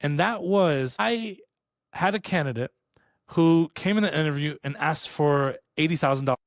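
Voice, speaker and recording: A man co-hosting a podcast, telling stories in a casual chat. He talks fast and rambles with restarts, and he acts out quoted lines in a raised voice. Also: on the high side, dry recording, studio quality. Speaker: podcast co-host. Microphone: studio podcast mic.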